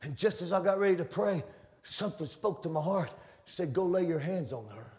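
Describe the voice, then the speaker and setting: A man preaching a fervent sermon, telling stories in a folksy way and building to shouted climaxes. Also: high voice, fairly quick. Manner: storytelling in a folksy, conversational way.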